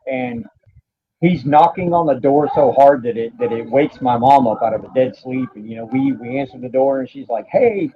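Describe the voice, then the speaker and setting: A man, a podcast guest telling a painful personal story in a halting, profane way, stopping now and then to steady himself. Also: medium pitch. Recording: dull lo-fi audio.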